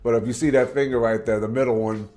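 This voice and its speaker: Talking fast in a medium-pitched, darkish voice with fairly even intonation, this Tacoma, Washington, USA native hosts a reaction video. He tells rambling, laid-back stories as casual commentary, often saying "man." Faint background music sits under a roomy echo.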